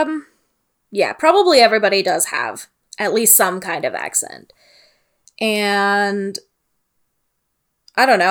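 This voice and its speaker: A woman's voice: medium pitch, fairly bright tone. A woman from Ontario co-hosting a podcast, chatting in an easygoing, agreeable way. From Ontario, Canada. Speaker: podcast co-host. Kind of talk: casual podcast chat.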